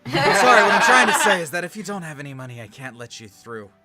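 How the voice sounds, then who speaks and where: A man's voice: mid-range voice, fast, over music, natural voice. A man playing a heavyset, sweaty toll booth guard in a tabletop game, apologetic and exasperated. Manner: apologetic, exasperated, bursts into shouting. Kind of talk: tabletop role-play acting.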